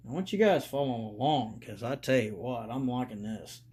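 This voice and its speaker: A man hosting a casual hobby review video, talking slowly and rambling, getting excited and calling out to his viewers as guys. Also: medium pitch, breathy edge. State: congested from allergies. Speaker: model railroad channel host.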